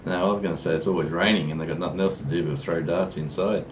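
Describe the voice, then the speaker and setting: Deep bloke, laid-back, sounds far off the mic in an echoey room. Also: male voice, steady tone, fast talker. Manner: laid-back, dry quips. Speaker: co-host. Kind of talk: casual livestream chat. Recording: distant, echoey, noisy call audio.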